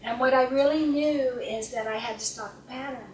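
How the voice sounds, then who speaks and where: A middle-aged woman coaching at a seminar, earnest, often acting out short dialogues and sometimes dropping to a calm hush, recorded with a distant mic in an echoey conference room. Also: sits high, normal speed, a little hiss or hum. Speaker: life coach speaker. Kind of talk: seminar talk.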